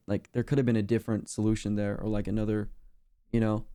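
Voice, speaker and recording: A man's voice: lowish voice, little pitch movement, fast talker, gravelly, dark tone. A young man streaming casually, rambling in a laid-back slangy way with lots of fillers. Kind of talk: casual reaction chat.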